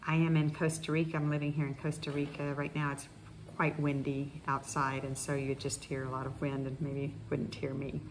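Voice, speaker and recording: A middle-aged woman speech therapist calmly leading guided voice exercises, pausing with frequent fillers. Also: low voice, a little hiss or hum. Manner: calm instructional, with many fillers. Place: indoors in Costa Rica, wind outside.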